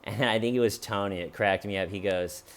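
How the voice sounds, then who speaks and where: A man with a lowish voice tells a story in a loose, conversational way. He sounds amused and animated, and he often stops to restart his sentences. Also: brisk. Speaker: comedy channel host. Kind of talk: casual storytelling commentary.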